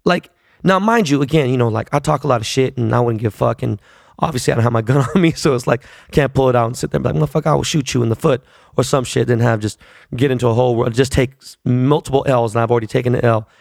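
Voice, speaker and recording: A man's voice: medium pitch, quick pace, vocal fry, no room sound, clean studio sound. A man in his forties telling a long, profane story in a casual, rambling way, full of fillers. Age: 40s.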